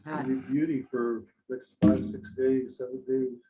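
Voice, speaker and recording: A man in casual chat, telling anecdotes in an animated way. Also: mid-range voice, unhurried, low-quality recording. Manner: animated storyteller.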